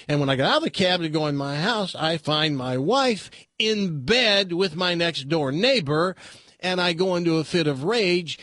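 A man's voice: mid-range voice, gravelly, breathy edge, no echo, full character voice. A man voicing a timid little man in a suit, telling his woes in a mournful, plaintive way.

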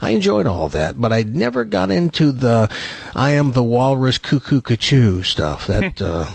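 A man's voice: medium pitch, sing-song, moderate pace, gravelly, breathy edge, dry recording. A man co-hosting a radio show, chatting casually and animatedly, laughing easily. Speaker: radio co-host.

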